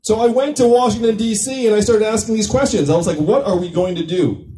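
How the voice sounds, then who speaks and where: A man's voice: high-pitched, fast, mellow, echoey room, slight background noise. A man, a presidential candidate, giving a campaign rally speech in a conversational, joking way with the crowd. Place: political rally venue. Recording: distant mic at a rally.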